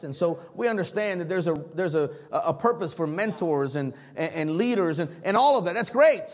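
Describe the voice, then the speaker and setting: High-voiced preacher telling a story. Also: male voice. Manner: storytelling, animated, with congregation responses. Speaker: pastor. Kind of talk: sermon.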